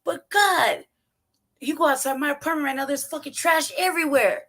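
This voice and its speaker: A woman from Los Angeles hosting a show, giving loud profane commentary full of swearing and laughter. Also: high-pitched, normal speed. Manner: animated, swearing, ranting and laughing. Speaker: show host commenting on a played clip.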